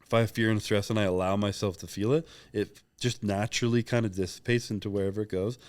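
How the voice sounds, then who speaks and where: A man's voice: on the low side, steady tone, fast talker, dry recording. A young man talking openly and reflectively as a podcast guest, rambling with many fillers in casual interview chat.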